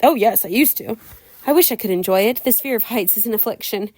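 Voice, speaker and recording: A woman's voice: a little high, fairly quick, darkish tone, no echo. A woman reading a novel aloud as a home audiobook, without much change of voice for the characters. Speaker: audiobook reader.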